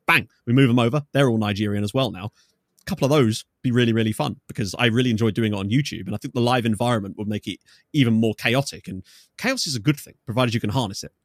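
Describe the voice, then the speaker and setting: A man speaking quickly in a slightly low voice as a podcast guest. He explains his ideas in long, enthusiastic, rambling stretches, in casual chat. The sound is dry and close. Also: no room sound. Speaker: podcast guest, game content creator.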